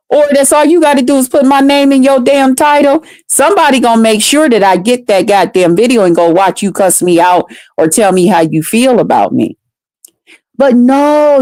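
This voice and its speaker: Slow, profane woman ranting. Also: fairly high pitch, darkish tone, no room sound. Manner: profane, heated, drawn-out delivery. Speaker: vlogger. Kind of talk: casual ranting storytime.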